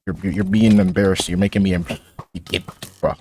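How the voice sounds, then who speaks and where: A teenage boy with a low voice rambles through stories while he plays a game. He restarts his sentences often and drops in sarcastic asides. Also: flat delivery, brisk, a little mellow, a little hiss or hum. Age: teens. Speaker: gaming YouTuber. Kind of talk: casual commentary over gameplay.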